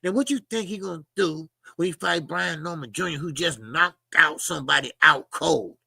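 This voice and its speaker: A man's voice: on the high side, normal speed, gravelly, sharp tone, breathy edge, no room sound, studio quality. A man hosting a casual boxing livestream, talking animatedly with swearing and greeting chat viewers by name. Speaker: boxing show host.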